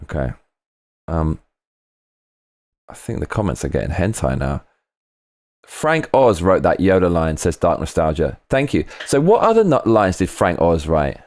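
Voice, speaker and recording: A low, deep-voiced man hosts a casual livestream, reading out chat comments and riffing on them. His delivery rambles with restarts, and it sounds dry and close, with no room echo. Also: measured pace, pauses often. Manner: rambling and animated, swinging pitch, frequent restarts. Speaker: livestream host.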